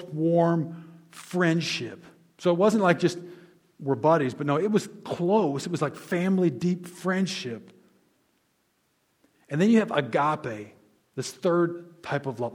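A man preaching a sermon as pastor, conversational, explaining words and restating them, dropping soft on key lines. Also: on the high side.

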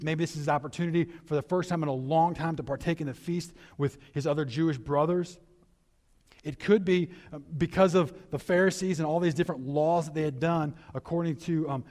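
Animated male preacher. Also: on the high side. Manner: animated preaching, rising to emphatic peaks; reflective, conversational asides with restarts. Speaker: pastor. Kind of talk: sermon.

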